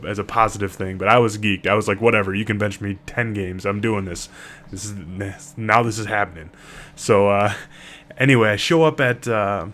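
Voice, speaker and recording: Laid-back low-voiced man telling a story. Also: fairly bright tone, slight background noise. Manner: laid-back, rambling, many fillers. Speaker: vlogger. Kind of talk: casual storytelling to camera.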